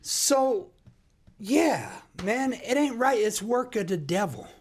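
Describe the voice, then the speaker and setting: A man's voice: very high-pitched, animated. A man with an American accent co-hosting a casual podcast, folksy and emphatic, drawing out his words. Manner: folksy, drawn-out emphatic delivery. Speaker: podcast co-host. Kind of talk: casual chat.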